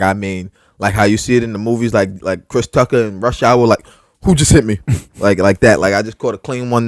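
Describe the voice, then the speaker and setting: A man's voice: low-pitched, no room sound, clean studio sound. Profane, rambling storyteller man. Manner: heavy filler words, profane, animated retelling. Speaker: podcast co-host. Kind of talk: casual storytelling.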